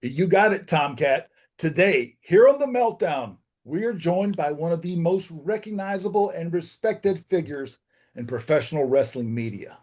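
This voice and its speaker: A man's voice: fairly high pitch, lively intonation, moderate pace, darkish tone. A man co-hosting, delivering a grand, formal announcer-style introduction. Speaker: co-host.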